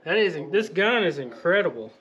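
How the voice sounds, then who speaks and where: A man on a hunting trip chatting outdoors with upbeat, excited exclamations. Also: sits high, normal speed, muffled recording, background noise. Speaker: guest hunter. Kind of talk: casual chat outdoors. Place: outdoors at a shooting range.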